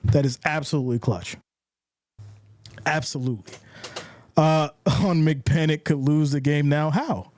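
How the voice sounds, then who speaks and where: A man hosts a live reaction stream of a football game, calling plays, reading viewer chat aloud and cheering in casual slang, hyped and shouting on big plays. His voice is fairly high with fairly even intonation, at a measured pace broken by long pauses. No room sound.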